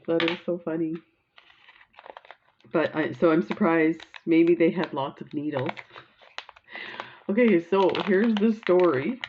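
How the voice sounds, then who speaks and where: Low-voiced chatty woman, dull recording. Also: a little hiss or hum. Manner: rambling, chatty storytelling with laughs and gushing. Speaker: crafting vlogger. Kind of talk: casual chat while showing beads.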